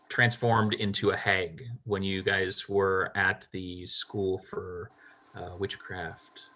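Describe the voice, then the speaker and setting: A man's voice: sits low, pushed and bright. A man narrating a tabletop game as game master, rambling with lots of fillers and small laughs.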